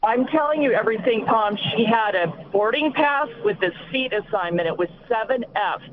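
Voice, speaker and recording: A woman calling in to a talk show rushes indignantly through a complaint. Her voice is on the high side and expressive at a normal speed, heard over a tinny phone line with faint hiss.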